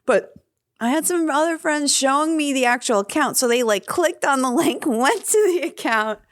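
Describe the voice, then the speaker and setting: Female comedian hosting a podcast; lively storyteller, fairly high voice. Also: moderate pace, no echo, clean studio sound. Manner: animated storyteller who acts out quoted dialogue. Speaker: podcast host and stand-up comedian. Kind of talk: casual interview chat.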